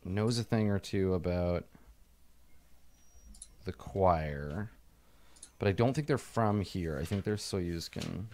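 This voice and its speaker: Low-voiced man running a tabletop game. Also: slow, long pauses, darkish tone. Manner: rambling, many fillers and restarts. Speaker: game master.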